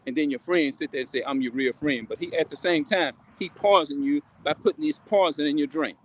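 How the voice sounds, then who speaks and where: A man's voice: a little high, a little fast. A man talking casually on a live stream, rambling and repeating himself as he keeps asking listeners questions. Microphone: phone or webcam on a live stream.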